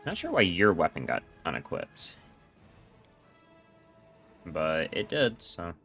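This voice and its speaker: A man's voice: deep voice, huge pitch swings, takes it slowly, a bit bright, soft background music. A man casually commenting while he plays a role-playing game, swearing and explaining game mechanics.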